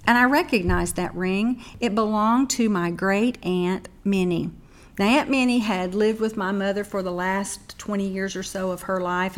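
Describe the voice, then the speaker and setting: A middle-aged woman teaching from the Bible and telling a personal story in earnest, slowing down to stress key points. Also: mid-range voice.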